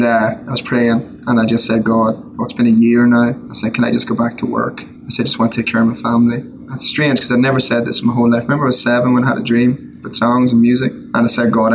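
A middle-aged Irish man, a songwriter, telling his personal story in a casual interview, earnest with quick asides and restarts. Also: mid-range voice, a little hiss or hum, poor audio. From Ireland. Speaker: guest, worship songwriter.

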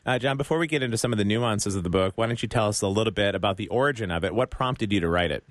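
A man's voice: on the low side, very fast, no echo. American man hosting a talk show. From United States. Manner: reads scripture aloud, chuckles between remarks. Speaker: radio show host.

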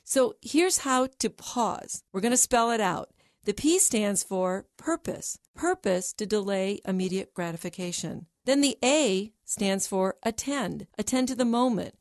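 Woman, middle-aged, Christian counselor, measured, emphatic, teaching tone. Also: mid-range voice. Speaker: Christian psychologist and show host. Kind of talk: faith-based advice talk.

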